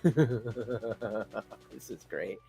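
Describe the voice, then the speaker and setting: A man's voice: mid-range voice, extremely slow, vocal fry, mellow, soft background music. A man giving mocking reaction commentary on a livestream, laughing often. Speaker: commentary streamer.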